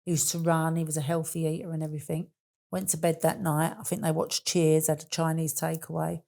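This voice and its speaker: Woman in her sixties, deep gravelly voice, chatty guest who laughs easily. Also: level tone, brisk, mellow. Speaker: interview guest. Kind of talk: casual storytelling chat.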